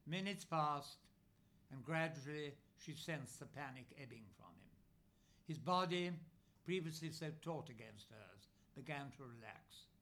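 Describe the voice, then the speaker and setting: Bright-voiced man reading a novel aloud. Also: medium pitch, lively intonation. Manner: measured, pausing often between phrases. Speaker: narrator. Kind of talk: scripted narration.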